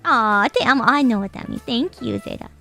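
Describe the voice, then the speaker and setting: A woman's voice: fairly high pitch, expressive, a little fast, gravelly, pushed and bright, soft background music. Giggly young woman streamer chatting casually. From Japan. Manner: giggly, rambling, swears casually. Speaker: VTuber streamer. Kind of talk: casual live-stream chat reading out chat messages.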